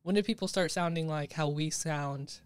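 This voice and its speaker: A man's voice: a little high, normal speed, smooth, no room sound. An American man hosting a podcast, chatting casually and curiously, with lots of "like" fillers. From United States. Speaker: podcast host. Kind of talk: casual chat.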